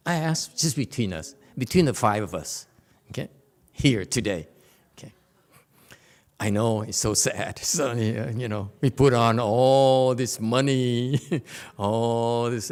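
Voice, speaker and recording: Brief: male Buddhist teacher, mid-pitched, joking and teasing his small audience, laughs often. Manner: playful, teasing, laughs often, keeps asking "okay?". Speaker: Buddhist teacher giving a Dharma lecture. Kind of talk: informal Dharma talk. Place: temple lecture hall.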